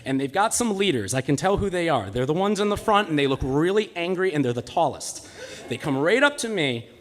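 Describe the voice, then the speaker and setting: A man's voice: on the high side, very animated, brisk. A man telling a personal story live on stage, with a comic, self-mocking delivery. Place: live stage in a cultural center.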